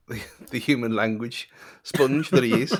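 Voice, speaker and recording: A man's voice: mid-range voice, measured pace. A man co-hosting a podcast who throws in dry, teasing remarks during casual chat. His voice sits mid-range and stays easygoing. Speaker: podcast co-host.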